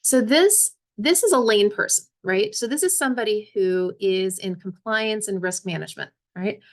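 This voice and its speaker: Gravelly-voiced woman coaching on resumes. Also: mid-range voice, normal speed. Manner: conversational, often checks in with listeners. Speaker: career coach and resume writer. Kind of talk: webinar presentation.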